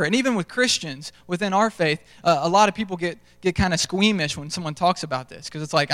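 Resonant young preacher in a reverberant hall. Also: male voice, on the high side, fast talker, few pauses, a bit bright. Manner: self-deprecating storytelling, conversational. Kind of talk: sermon. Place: large church stage.

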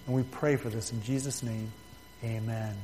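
A man pastor leading a fervent closing prayer in a church, pleading, his voice swelling loud and dropping soft. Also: mid-range voice, steady tone, normal speed, in a large hall, over music. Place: church building.

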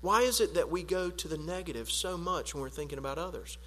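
Earnest preacher in a reverberant hall. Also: male voice, on the high side, fast, a little hiss or hum. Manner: earnest preaching, building to emphatic peaks then dropping quiet. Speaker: pastor. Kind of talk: sermon.

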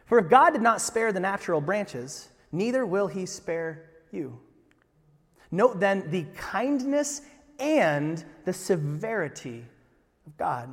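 Male pastor, sermon delivery, lively emphatic peaks, fairly high voice, long hall reverb. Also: slow. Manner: animated, rising to emphatic peaks.

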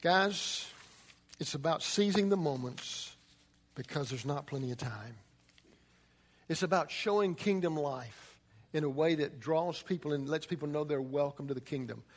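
A man preaching a sermon as pastor, emphatic, swinging from loud urgency to quiet intensity. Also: a little high, normal speed, in a large hall.

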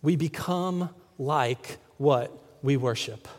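A man's voice: mid-range voice, slow. A male pastor preaching a sermon in a church, conversational, often asking the congregation questions. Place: church sanctuary. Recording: long hall reverb.

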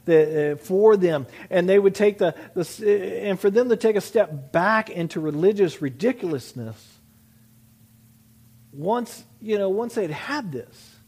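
A man's voice: sits high, a little mellow. A man preaching a sermon, reading scripture aloud and telling stories about his young sons in an earnest, conversational way. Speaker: pastor.

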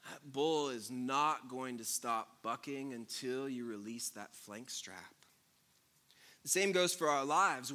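A man preaching a sermon as pastor, mixing loud jokes with quiet, earnest passages. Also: fairly high pitch.

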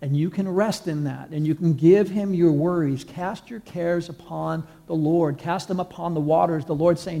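Mellow-voiced man preaching a sermon. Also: on the high side, steady tone, creaky. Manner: conversational storytelling, slow emphatic repetitions. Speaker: pastor.

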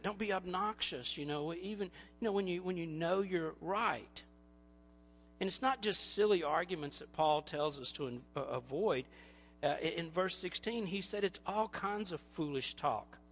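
A man's voice: sits high, fairly bright tone. A man preaching a sermon in a conversational way, acting out quoted voices as he goes. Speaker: pastor.

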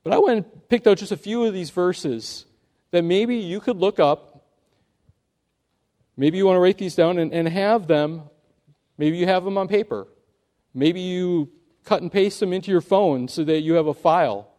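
A man's voice: high-pitched, normal speed, dark tone. A man preaching an earnest sermon, telling a story and pressing his points with rising emphasis. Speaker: pastor.

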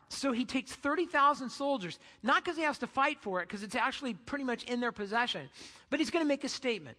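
Speaking fast in a high-pitched, expressive voice, a preacher tells a story in a casual, conversational sermon style. His tone is bright and forceful, with a long hall echo trailing each word.

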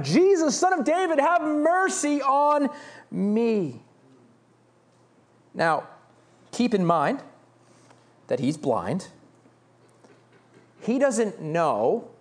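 A man preaching a sermon from the pulpit, his delivery lively and full of swings in pitch. He moves between reading scripture and acting out the beggar's loud, pleading cries. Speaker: pastor.

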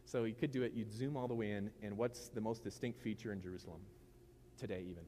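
A middle-aged man preaches a relaxed, joking sermon, slipping into funny asides. His voice sits a little low. A faint hum of room noise lies behind him. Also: fast. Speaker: pastor. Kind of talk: casual humorous sermon.

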